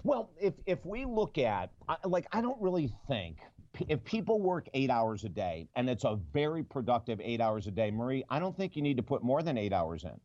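An animated man telling stories as the guest in an interview, acting out the voices of the people he quotes. He has a mid-pitched voice. It is recorded dry and sounds a little muffled, with a dull, lo-fi tone. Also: a little fast, no room sound. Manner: animated storyteller who acts out quotes. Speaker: author and guest. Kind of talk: conversational interview storytelling.

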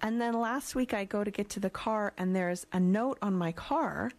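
A woman's voice: medium pitch, moderate pace, a little mellow. A woman hosting a radio show, telling a casual anecdote with frequent restarts. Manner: chatty, hesitant restarts. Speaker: radio host.

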